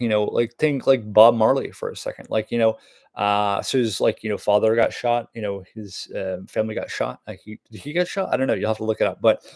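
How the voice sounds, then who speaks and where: A man's voice: medium pitch, gravelly, darkish tone, dry recording. A man rambling casually through news topics, full of fillers and cursing. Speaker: vlogger reading the news.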